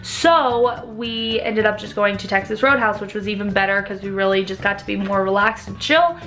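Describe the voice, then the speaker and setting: A woman's voice: medium pitch, moderate pace, a bit bright, soft background music. A young woman in her twenties telling a story in a casual vlog, chatty and often laughing. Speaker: vlogger.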